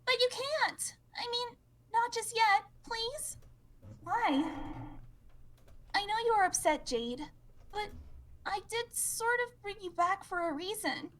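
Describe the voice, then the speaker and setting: A woman's voice: very high-pitched, animated, slow pace, pauses often, fairly bright tone, full character voice. A woman voicing a patient young girl who soothes and shushes a grieving friend in a webcomic read-aloud. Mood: soothing. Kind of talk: reading a webcomic aloud with voices. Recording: long hall reverb.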